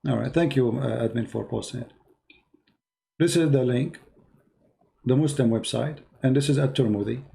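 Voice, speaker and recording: A man's voice: mid-range voice, moderate pace, creaky, long pauses, mellow. A man hosting a live call-in debate show, talking insistently and repeating his points for emphasis.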